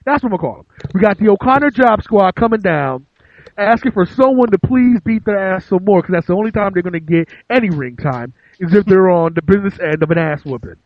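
High, animated ranting man. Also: fairly quick, dry recording, dull audio. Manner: ranting, mocking, crude. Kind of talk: casual chat.

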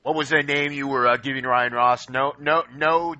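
A man's voice: medium pitch, steady tone, normal speed, sharp tone, no echo, lo-fi sound. A man in a casual group chat, joking and teasing the others.

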